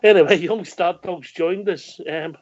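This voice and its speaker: A man's voice: high voice, a little slow, crowd noise. A Scottish man hosting a radio phone-in, chatting casually and teasing his callers. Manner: jokey, teasing. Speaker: phone-in host. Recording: dull lo-fi call audio.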